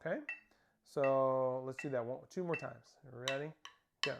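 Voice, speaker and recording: A man's voice: medium pitch, fairly even intonation, unhurried, gravelly. A man teaching a snare drum lesson, counting beats aloud and calling out stickings and start cues. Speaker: percussion instructor. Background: snare drumming.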